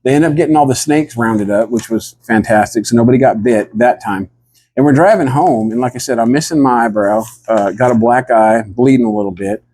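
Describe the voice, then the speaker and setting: Husky man with a drawl. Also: mid-range voice, animated, brisk, darkish tone. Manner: drawling, rambling, acts out the other people's lines. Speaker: storyteller. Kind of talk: comic deadpan storytelling.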